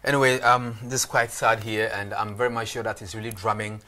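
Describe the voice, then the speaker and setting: A fast-talking Ghanaian man hosting a live TV sports show. His voice sits a little low. He keeps the patter rolling with "of course" and "you know". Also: level tone, bright, forceful tone. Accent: Ghanaian English. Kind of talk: live TV studio interview.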